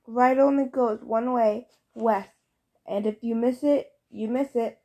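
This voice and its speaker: A woman's voice: fairly high pitch, fairly even intonation, measured pace, dark tone. Woman reading as a cocky young sun god. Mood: cocky, playful. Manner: boastful, cheerful, showy.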